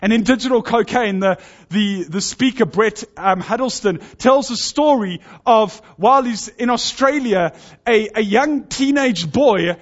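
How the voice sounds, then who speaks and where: A man preaching a sermon to his congregation, earnest and urging, pressing his points with rising intensity. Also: high voice. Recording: dull lo-fi sound.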